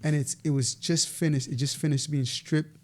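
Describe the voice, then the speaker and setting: A man, telling stories in a casual, animated way as a podcast guest, laughing now and then. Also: on the high side, normal speed. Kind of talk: casual storytelling interview.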